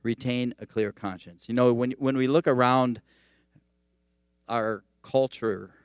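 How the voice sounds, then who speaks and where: A man's voice: medium pitch, unhurried, clean tone, no echo, studio quality. A male teaching pastor giving a sermon in a conversational, storytelling manner. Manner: conversational, animated storytelling preaching.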